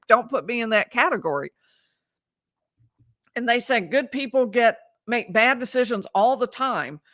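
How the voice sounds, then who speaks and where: A woman's voice: mid-range voice, a bit bright, no echo, clean studio sound. A woman lawyer giving conversational live commentary on a trial, reading out quotes and often restarting her sentences. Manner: conversational, reads out transcript quotes, frequent restarts. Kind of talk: livestream legal commentary.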